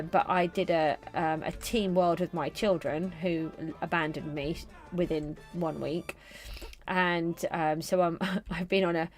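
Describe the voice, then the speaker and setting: A middle-aged woman streamer chatting casually to viewers while she plays a game. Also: on the low side. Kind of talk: casual live gameplay commentary.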